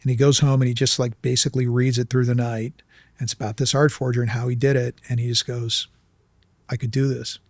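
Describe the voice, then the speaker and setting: A man in an interview, telling a story loosely and with energy and slipping into the voices of the people in it. His pitch sits in the middle, and the dry recording keeps him close and clear. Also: quick pace, no room sound. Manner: animated, acts out voices in anecdotes. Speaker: documentary filmmaker guest. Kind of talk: casual storytelling.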